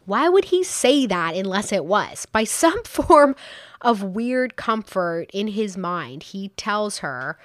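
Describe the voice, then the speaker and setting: A woman casually retelling a true crime case, animated and exclaiming, briefly putting on voices for the people involved. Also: medium pitch, takes it slowly, no echo, studio quality.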